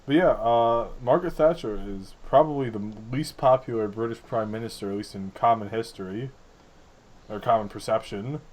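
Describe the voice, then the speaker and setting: A man's voice: mid-range voice, normal speed, darkish tone. Young man in rambling podcast chat. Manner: rambling, sarcastic, laughs a lot. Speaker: podcast co-host.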